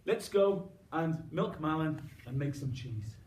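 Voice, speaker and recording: A man's voice: on the high side, expressive, unhurried, darkish tone, a little hiss or hum. A man voicing a worried farm woman in a live told story, speaking in his own exclaiming storyteller's voice. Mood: fretful. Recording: roomy, distant mic.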